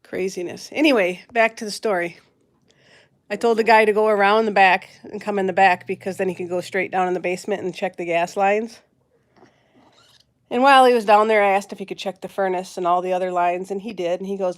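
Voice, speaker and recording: A woman's voice: medium pitch, moderate pace, slight background noise. A woman hosting a casual live stream from home, rambling through a story, laughing often and greeting her viewers. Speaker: host of a pet channel live stream.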